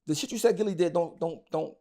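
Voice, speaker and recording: A man's voice: on the high side, fast talker, dark tone. A middle-aged man, talking as an interview guest, angry and emphatic, repeating himself and cursing a lot. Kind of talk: heated casual interview talk.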